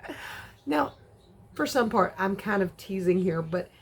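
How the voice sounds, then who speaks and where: A woman in her forties chatting casually on a vlog, excitable and ranting. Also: a little slow, vocal fry. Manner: excitable ranting with big jumps in pitch. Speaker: vlogger.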